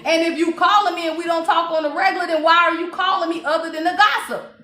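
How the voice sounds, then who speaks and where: A woman's voice: very high-pitched, steady tone, quick pace, sharp tone, echoey room. A woman giving a blunt, profane, preachy spiritual reading on a livestream, laughing often. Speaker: spiritual reader.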